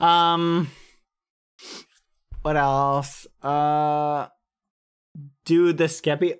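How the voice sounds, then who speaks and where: Slow, jokey male streamer. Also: a little high, fairly bright tone. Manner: rambling, jokey. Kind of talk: casual live-stream chat.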